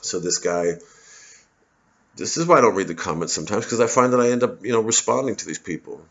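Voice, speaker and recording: A man's voice: on the low side, animated, fast, fairly bright tone, lo-fi sound, slight background noise. A male comedian in a profane, rambling, sarcastic monologue to camera, with many restarts.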